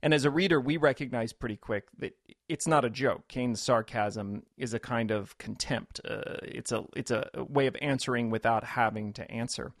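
A man's voice: medium pitch, moderate pace, no room sound, studio quality. A man, a pastor and author, thoughtfully explaining scripture as a guest in a radio interview. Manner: reflective, explains scripture with quoted voices.

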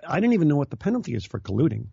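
Guy cracking jokes on a talk radio show, husky kinda high voice, dry muffled audio. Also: big pitch swings, very fast, warm tone, dry recording. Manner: joking, laughs often, acts out quoted voices. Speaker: guest commentator. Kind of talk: casual political radio chat.

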